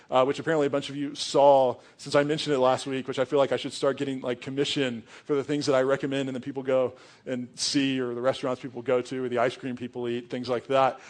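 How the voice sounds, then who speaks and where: A young adult man preaching a sermon as pastor, earnest and conversational, with casual asides. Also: medium pitch.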